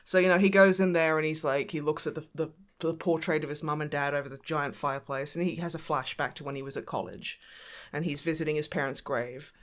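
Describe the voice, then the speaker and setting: A woman co-hosting a podcast, chatting casually and giggling as she retells film scenes in quick asides. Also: deep voice, steady tone. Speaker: podcast co-host. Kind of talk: casual movie recap chat.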